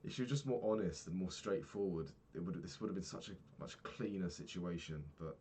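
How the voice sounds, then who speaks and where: Young guy with a really deep voice just rambling about his day, swears a lot, lots of ums, faint hum in the background. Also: expressive, fairly quick, dark tone. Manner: rambling, frank, swears casually, many fillers. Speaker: vlogger. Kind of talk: casual daily vlog monologue.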